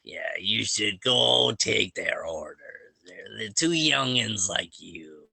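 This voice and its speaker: A pushy goblin woman with a boozy, matchmaking manner, put on by a man, pitched well above his natural voice and talking in broken phrases. Her voice is bright and gravelly in a dry, close room. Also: lively intonation, takes it slowly, dry recording, exaggerated voice. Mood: teasing. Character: tipsy goblin woman, arcane guide, pushy.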